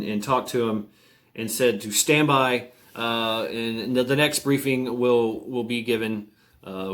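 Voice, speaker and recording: A middle-aged man telling an army story in a casual, halting way, with many fillers and restarts and frequent chuckles. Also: mid-range voice, a bit bright. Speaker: military veteran storyteller. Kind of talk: casual spoken anecdote.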